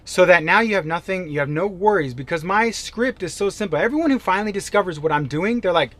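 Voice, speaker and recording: A man giving a motivational sales-coaching talk, emphatic and animated, jumping from loud bursts to quiet asides. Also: high voice, fast. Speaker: real estate sales coach.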